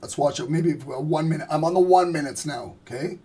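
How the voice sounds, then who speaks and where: A man with a raspy voice hosting a live trading stream, casually joking and thinking aloud as he calls the charts. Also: a little high, brisk, dark tone.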